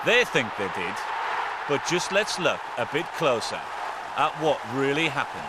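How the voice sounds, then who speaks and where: A man presenting rugby clips in lively, boisterous commentary, breaking into shouts. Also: mid-range voice, normal speed, over a noisy crowd, very noisy.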